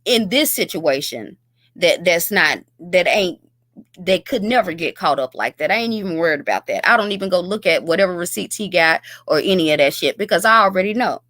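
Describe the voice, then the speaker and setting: A woman's voice: on the low side, expressive, a little fast, fairly bright tone, no room sound. A woman hosting a commentary video, ranting bluntly and scornfully with heavy profanity. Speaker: YouTube commentary host.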